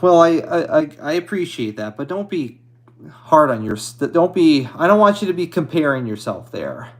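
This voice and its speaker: A man streaming and answering viewer comments in a halting, hesitant way, apologetic and a little anxious. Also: fairly high pitch, sing-song. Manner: halting, hesitant, with many restarts; apologetic and modest. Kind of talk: casual live chat.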